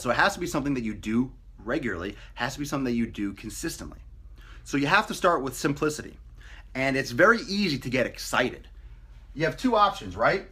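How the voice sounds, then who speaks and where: A man's voice: medium pitch, sharp tone, slightly rough. A man talking casually to camera as a fitness coach, blunt and profane, mocking people with put-on voices. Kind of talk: casual motivational talk to camera.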